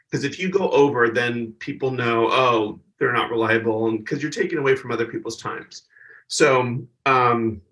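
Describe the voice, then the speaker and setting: A man's voice: medium pitch, pushed and bright, far from the mic, low-quality recording. A male stand-up comedian, a podcast guest, animatedly telling an anecdote and acting out other people's voices.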